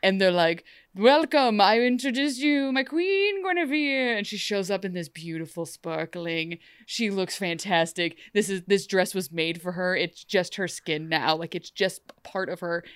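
Recapping a TV episode on a podcast she co-hosts, a young woman jokes around with animated energy and acts out characters in quick, funny voices. Her fairly low voice sounds smooth and clean, and the close, dry recording has no echo.

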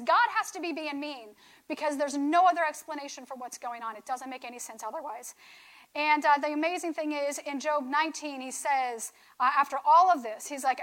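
A woman's voice: high-pitched, moderate pace, fairly bright tone, rough recording. A woman teaching from scripture in a conversational sermon style, often checking in with "right?". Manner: conversational, keeps asking "right?". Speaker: speaker on faith.

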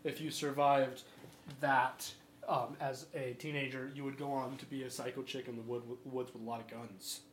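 A man co-hosting a podcast, making joking deadpan asides during a movie commentary. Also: mid-range voice, normal speed, echoey room. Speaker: podcast co-host. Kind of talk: casual movie commentary chat.

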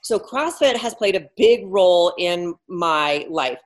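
A woman's voice: lowish voice, animated, measured pace. A woman in her fifties, a former athlete talking candidly as a podcast guest, blunt and self-mocking. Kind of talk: candid casual interview talk.

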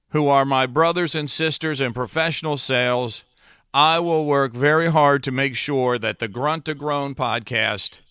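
A middle-aged man hosting a solo podcast in a trained broadcaster's voice, speaking earnestly and with long dramatic pauses. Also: mid-range voice, sharp tone, smooth, no room sound, clean studio sound. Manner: slow deliberate delivery with dramatic pauses; earnest, heartfelt. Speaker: podcast host.

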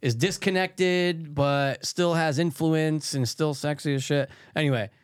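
A man's voice: on the high side, fairly even intonation, measured pace, smooth, no room sound, clean studio sound. A man co-hosting a casual podcast chat, laid-back and rambling, with crude humor. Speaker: podcast co-host.

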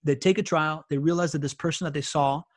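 Animated man telling business stories. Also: fairly high pitch, quick pace, no room sound, studio quality. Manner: animated, filler-heavy, keeps asking "right?". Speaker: podcast guest, entrepreneur. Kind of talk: casual interview storytelling.

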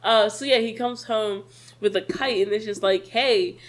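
A woman's voice: mid-range voice, normal speed. A woman in casual chat recapping a film, chatty and wry.

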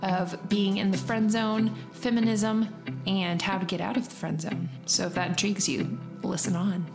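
A woman's voice: mid-range voice, fairly even intonation, moderate pace, loud music behind the voice. A woman co-hosting a casual chat show, chatty and teasing, often laughing. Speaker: podcast co-host.

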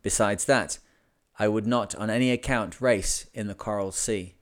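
A man hosting a podcast, reading an old sea memoir aloud in a measured, deliberate way. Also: on the low side. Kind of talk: audiobook narration of a memoir.

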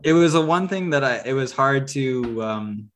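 A man's voice: medium pitch, expressive, normal speed, a bit bright, slight background noise. Man, podcast co-host, loose chatty movie talk, lots of ums and restarts. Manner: rambling, many fillers and restarts. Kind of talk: casual movie review chat.

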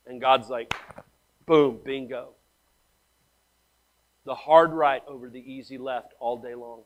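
A man preaching a sermon as pastor, blunt and slangy, swinging between hushed asides and loud emphasis as he tells stories. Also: medium pitch, fairly even intonation, slow. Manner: blunt, slangy, calls listeners man and guys.

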